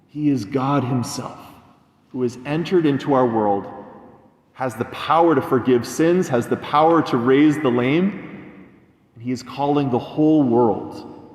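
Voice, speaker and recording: Preaching priest in an echoey church. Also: male voice, mid-range voice, darkish tone. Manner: storytelling preacher, acts out quoted voices. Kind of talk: sermon. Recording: echoey church with long reverb.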